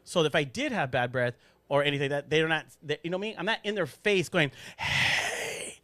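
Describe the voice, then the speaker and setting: A man hosting a casual podcast chat in a studio, animated and joking, laughing often. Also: a little high, quick pace, no room sound. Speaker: podcast host.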